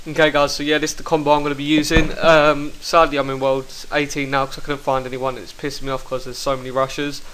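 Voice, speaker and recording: A young man commentating his own online game fights, excitable and quick to swear, talking into a headset mic. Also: mid-range voice, slight background noise, low-quality recording. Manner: excitable, swears, bursts into shouts. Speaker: gaming commentator. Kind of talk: live gameplay commentary.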